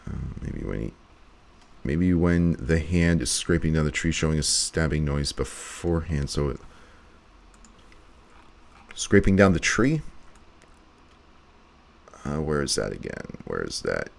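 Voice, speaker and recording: A man's voice: very deep voice, very animated, a little slow, creaky, long pauses. A man editing a video live, chatting casually and thinking aloud as he works. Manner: thinking aloud, muttering to himself. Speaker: video editor streaming live.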